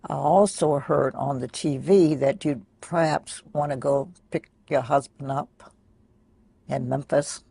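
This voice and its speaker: Older woman, deeply gravelly, husky, soft-spoken, pausing often, personal recollection. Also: dry recording. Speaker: interviewee.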